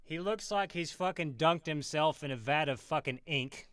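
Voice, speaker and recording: A man's voice: fairly high pitch, moderate pace, fairly bright tone, clean tone, no room sound. A man streaming and ranting in profane, sarcastic, rambling commentary.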